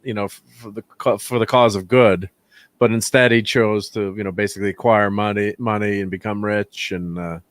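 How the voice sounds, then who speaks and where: A man's voice: fairly low pitch, fairly even intonation, brisk, dry recording. A man hosting a casual movie review chat, rambling and laughing often. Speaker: host.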